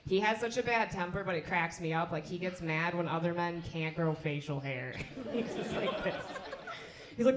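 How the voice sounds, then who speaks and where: A woman's voice: medium pitch, normal speed, over a noisy crowd. Self-mocking young woman comic, echoey room. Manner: animated, self-mocking storytelling. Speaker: stand-up comedian. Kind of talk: stand-up set.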